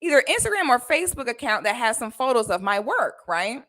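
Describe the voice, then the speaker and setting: A woman telling a personal story on a livestream in a casual, animated, slangy way. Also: fairly high pitch, a little fast.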